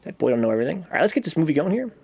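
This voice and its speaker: A young man hosting a casual stream, excitable and jokey, swearing freely as he chats to viewers at his computer. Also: a little high, very fast, gravelly, breathy edge. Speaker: streamer hosting a movie-watching show. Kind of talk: casual livestream chat.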